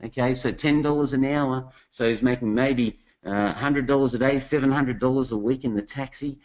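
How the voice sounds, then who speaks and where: A man's voice: medium pitch, moderate pace, a little mellow, low-quality recording. A man presenting a business webinar, telling stories in a chatty way and speaking straight to his audience. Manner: chatty storytelling, addresses the audience directly.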